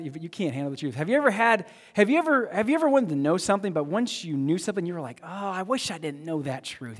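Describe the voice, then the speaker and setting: A man's voice: fairly high pitch, big-room sound. A man preaching a sermon as pastor, talking casually, repeating himself and asking his congregation questions. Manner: conversational, repeats words, asks the congregation questions. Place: church sanctuary.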